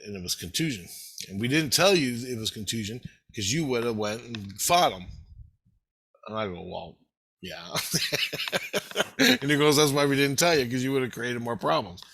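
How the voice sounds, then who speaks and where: A man tells a rambling personal story in a loose, profane way, quoting back and forth as he goes. His voice is bright and forward, recorded very dry and close with no room sound. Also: mid-range voice, no echo. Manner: profane, loose retelling with many quoted dialogues and repeated "he goes". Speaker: vlogger telling a personal story.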